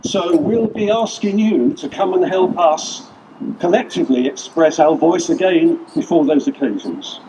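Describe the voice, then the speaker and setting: A man's voice: a little high, animated, a little slow, mellow, slight background noise. A man giving an earnest, rallying speech at an outdoor street protest, using repeated lists. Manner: earnest, rallying, with list-like repetition. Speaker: rally speaker. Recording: distant voice with faint outdoor ambience.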